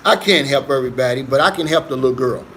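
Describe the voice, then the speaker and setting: A man's voice: mid-range voice, quick pace, fairly bright tone, slight background noise. A man hosting a casual livestream on his phone, reading viewer comments aloud and answering them in an earnest, easygoing way. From United States. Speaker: livestream host.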